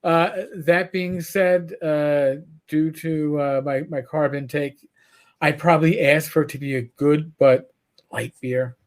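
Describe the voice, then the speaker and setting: A man's voice: fairly high pitch, slow. A man with a New York accent, co-hosting a casual livestreamed podcast. He talks in a profane, rambling way, telling stories as he goes. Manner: profane, rambling, animated storyteller. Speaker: podcast co-host.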